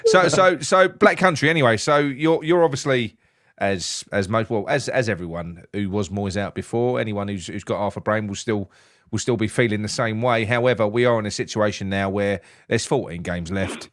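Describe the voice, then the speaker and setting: A man's voice: on the low side, normal speed, fairly bright tone, no echo. Chatty man host, dry close sound. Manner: stammering restarts, sweary, chatty. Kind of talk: casual football chat.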